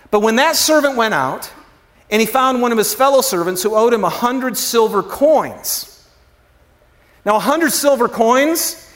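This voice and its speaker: A male pastor preaching a sermon in a loose, conversational way. He throws questions at the congregation, uses slang, and drops suddenly to a hush. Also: high-pitched.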